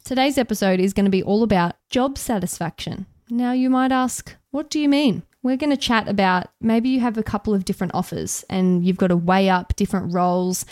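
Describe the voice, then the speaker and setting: A young Australian woman co-hosts a podcast, talking in a bubbly, chatty way at a middling pitch. Her voice is recorded close and dry, with no room around it. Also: fairly even intonation, darkish tone, dry recording. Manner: chatty, bubbly, quick to laugh. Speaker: podcast co-host, radio journalist. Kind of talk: casual podcast chat.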